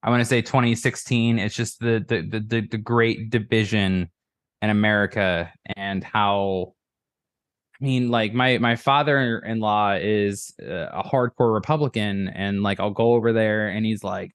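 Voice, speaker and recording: A man's voice: fairly low pitch, normal speed, no room sound, studio quality. A man on a podcast as a guest, chatting casually and rambling profanely about politics with many restarts.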